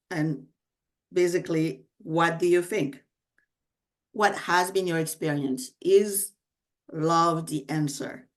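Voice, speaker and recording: A woman moderates a panel, taking her time and thinking aloud with frequent fillers. Her voice sits on the lower side and her pace is slow. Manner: warm, searching phrasing with many fillers. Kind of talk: panel discussion.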